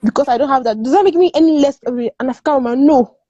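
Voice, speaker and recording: A woman's voice: high-pitched, rapid-fire, warm tone, no room sound, lo-fi sound. A woman from Nigeria, speaking as a guest in a casual discussion. She is emphatic, repeats words and laughs often. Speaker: guest panelist.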